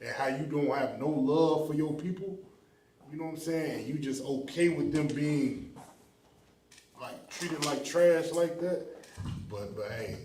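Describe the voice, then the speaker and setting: A man taking part in an online class discussion, talking in a relaxed way. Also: on the high side, unhurried. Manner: relaxed, frequent short agreements. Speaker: class student. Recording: echoey, distant, noisy remote line.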